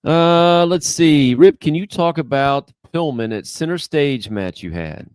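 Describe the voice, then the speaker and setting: A man co-hosts a live stream, passing along questions and chat messages from viewers. His voice sits a little higher than most men's, and he keeps an easygoing tone. The recording is dry and close. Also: animated, unhurried, darkish tone, clear, resonant tone, no room sound. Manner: reads questions and super chats, easygoing.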